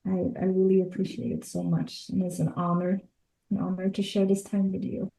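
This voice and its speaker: A woman author and life coach speaking as an interview guest, earnest and reflective, sometimes halting. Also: medium pitch, flat delivery, gravelly, warm tone, roomy sound, low-quality recording. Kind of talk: interview chat.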